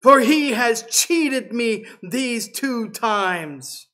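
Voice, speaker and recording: A desperate young man cries out to his father, his voice pitched high and loud with grief, as a preacher acts him out in a sermon. He begs and pleads, and his words break into wails. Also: lively intonation, very slow, heavily acted. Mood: pleading. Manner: pleading, raised and wailing.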